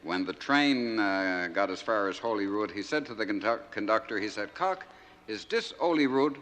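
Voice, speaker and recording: A man, a radio host telling jokes in a folksy, animated way. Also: lowish voice, normal speed. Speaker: radio host and comic storyteller. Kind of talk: stand-up joke telling. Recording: reverberant 1971 live LP.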